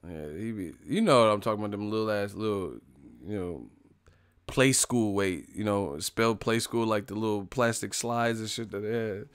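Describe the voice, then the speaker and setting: A man's voice: lowish voice, moderate pace, smooth, dry recording, studio quality. A man hosting a boxing channel, riffing in a loose, profane comedic rant and laughing often. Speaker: boxing commentator.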